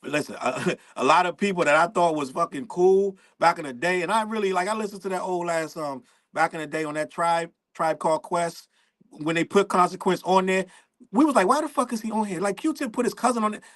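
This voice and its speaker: A man with a notably high-pitched speaking voice hosts a casual commentary show. He rants in a profane, animated style and breaks into laughs between points. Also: brisk. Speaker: show host.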